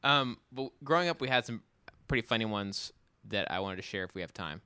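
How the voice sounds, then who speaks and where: Bright, crisp-voiced man chatting casually. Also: lowish voice, fairly quick, dry recording. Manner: relaxed storytelling with fillers and restarts. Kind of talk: casual chat.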